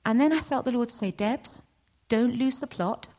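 A middle-aged woman giving a testimony at a church session, storytelling with lively acted-out dialogue. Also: normal speed. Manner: animated storytelling, acts out voices with big pitch jumps. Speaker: church speaker. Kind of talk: testimony sermon.

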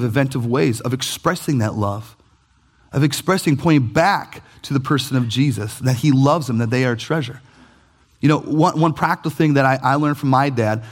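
A man, preaching a sermon as pastor in an animated, conversational way with jokey asides. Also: mid-range voice.

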